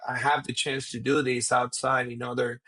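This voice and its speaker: A man's voice: mid-range voice, level tone, sharp tone, rough recording. Thoughtful comedian man from Venezuela. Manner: thoughtful, halting, many restarts. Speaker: comedian guest. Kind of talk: casual conversation.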